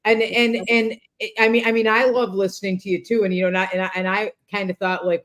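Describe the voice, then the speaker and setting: A woman hosts a relaxed spiritual talk show and chats freely with her guest. She talks eagerly and stumbles over quick restarts and repeated words, and keeps an easy conversational manner throughout. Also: on the low side. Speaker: host and medium.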